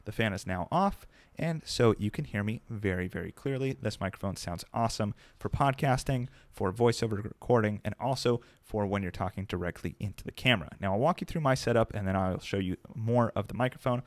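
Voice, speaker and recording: A young man giving an upbeat, conversational product review to camera from his home desk, speaking close into a desk mic on a boom arm. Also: brisk, hardly any pauses, no echo. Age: young adult. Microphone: dynamic desk mic on a boom arm, close.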